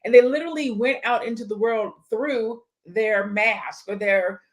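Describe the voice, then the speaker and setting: A woman co-hosting a casual chat, conversational and relaxed, closing out with announcements. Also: a little high, unhurried. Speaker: co-host.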